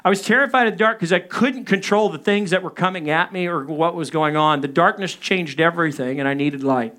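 In his thirties, this male pastor launches into an animated personal story during a sermon, acting out his own panicked radio calls and frantic moments. His high voice has a bright, forward tone, and he talks a little fast.

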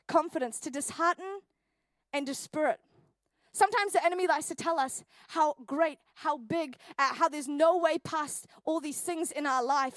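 Young nz woman pastor, high voice, jokey and dramatic, dry close sound. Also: no echo. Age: 20s. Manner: animated, jokey storyteller acting out scenes. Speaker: youth pastor. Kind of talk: sermon with personal story. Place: church hall.

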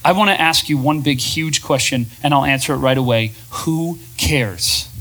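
A man hosting a podcast and speaking to a live audience in an energetic, conversational way, often asking the crowd questions. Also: medium pitch, brisk. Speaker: podcast host and speaker, former pastor. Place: event venue with a live audience.

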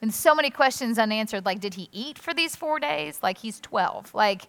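A woman pastor giving a conversational sermon in an animated, chatty way, acting out quotes. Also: a little high, normal speed. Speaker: executive pastor. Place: church auditorium. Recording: reverberant church hall.

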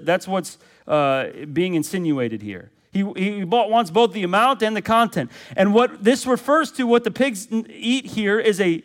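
A male pastor preaches with a noticeably high-pitched voice. He drives home his points by repeating phrases and asking the listeners questions. His delivery rises to loud, urgent peaks and sinks into low, quiet passages. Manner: preaching with emphatic repetition and rhetorical questions. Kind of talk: sermon.

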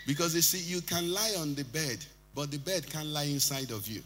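A man preaching a sermon as pastor, swinging from loud shouting to quiet, low passages. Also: normal speed. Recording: music behind, long hall reverb.

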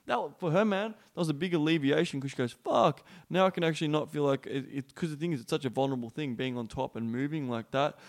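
A man hosts a casual podcast chat with a gravelly, fry-tinged voice. He is blunt and profane, swinging up into loud, animated bursts when he acts out quotes. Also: mid-range voice. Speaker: podcast host.

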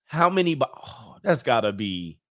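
A man's voice: mid-range voice, very animated, normal speed, pushed and bright. A man hosting a livestream, reading chat comments and mocking them in a brash, joking way.

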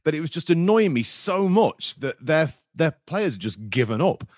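A man hosting a casual football podcast, chatty and animated as he tells stories. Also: a little high, no echo, studio quality. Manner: animated storytelling, fast and chatty. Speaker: podcast host.

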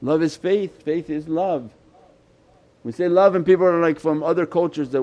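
Male Sufi shaykh preaching a sermon: fairly high, mellow voice, impassioned and pleading. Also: moderate pace, dull audio. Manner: impassioned, pleading, voice swells and drops.

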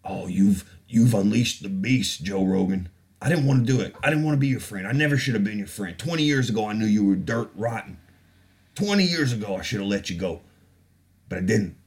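A man's voice: fairly low pitch, expressive, brisk, darkish tone. A man putting on a blustering, threatening male conspiracy broadcaster with a bombastic, theatrical, menacing delivery.

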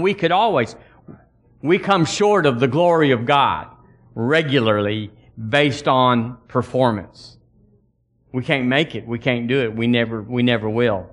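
Folksy preacher man. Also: a little high. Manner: folksy, emphatic, calls for congregation response. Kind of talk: sermon.

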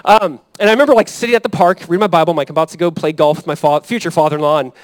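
A man in his thirties preaching a sermon as pastor, in a conversational, animated way that often checks in with the congregation. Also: fairly high pitch, racing, no room sound, low-quality recording. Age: 30s. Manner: conversational, animated preaching with frequent "right?" and "Amen?".

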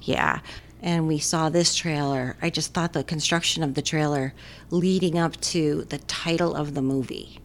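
A woman's voice: sits low, fairly even intonation, moderate pace, slight background noise. A woman co-hosting a casual movie chat, talking enthusiastically with many fillers. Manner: chatty, filler-heavy, enthusiastic. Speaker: movie talk co-host.

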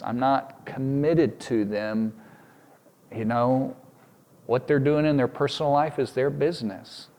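An earnest pastor in the middle of a sermon, a man at an ordinary middle pitch who talks straight to his congregation. He restarts phrases by repeating a word and pushes harder on the key points.

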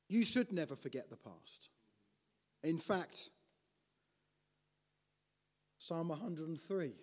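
A man preaching a teaching sermon in an animated way, often restarting and putting questions to his listeners. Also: on the high side, in a large hall.

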